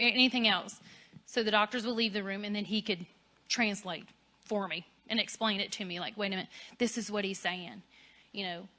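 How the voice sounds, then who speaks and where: Chatty bright-voiced woman. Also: mid-range voice. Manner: chatty and candid, laughing at herself. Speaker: Christian speaker on marriage. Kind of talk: casual faith talk.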